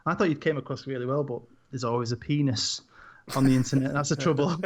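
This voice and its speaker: A man's voice: mid-range voice, quick pace, a little hiss or hum. A man chatting casually as a podcast guest, jokey and laughing often, swearing freely. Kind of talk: casual chat.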